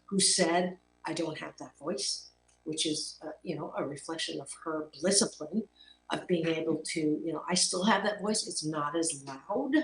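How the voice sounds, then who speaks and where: A middle-aged woman hosts a motivational talk segment, speaking earnestly and emphatically and repeating words as she hunts for the next thought. Her voice sits a little low. She sounds set back from the mic in an echoey room, with a faint hum underneath. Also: distant mic. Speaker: talk show host and life coach.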